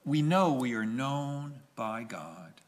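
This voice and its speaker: A man preaches from the pulpit at an unhurried pace, leaning on repeated phrases and letting pauses sit. His voice sits at an ordinary middle pitch. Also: animated. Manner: slow, emphatic preaching with pauses and repetition. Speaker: pastor. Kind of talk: sermon.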